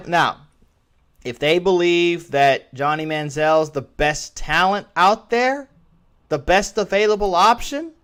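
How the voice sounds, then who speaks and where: Man, sports talk host, opinionated, rambling, smooth clear tone. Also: fairly high pitch, fairly bright tone. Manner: rambling, restarts phrases often. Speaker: podcast host. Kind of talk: solo sports commentary.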